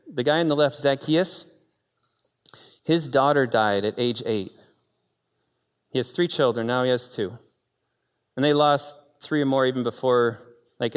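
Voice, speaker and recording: A man preaching a sermon, moving between quiet storytelling and loud, high-pitched exclaiming. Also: smooth, in a large hall. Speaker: pastor.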